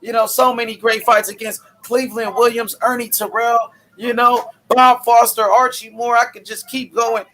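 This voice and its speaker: A man's voice: extremely high pitch, flat delivery, moderate pace, few pauses, a bit bright, a little hiss or hum. A man hosting a casual boxing chat, enthusiastic and leaning on "you know". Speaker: boxing channel host.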